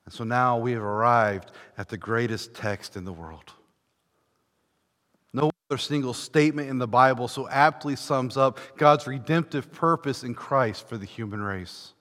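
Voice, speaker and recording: A man preaching a sermon in a church, fervent, swelling from hushed passages to ringing declarations. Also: mid-range voice, normal speed. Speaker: pastor. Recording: long reverb of a large church hall.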